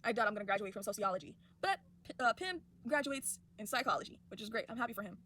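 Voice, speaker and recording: A woman's voice: a little high, lively intonation, fast, pushed and bright. A young adult woman and college student ranting casually and indignantly about a cartoon character. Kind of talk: casual rant vlog.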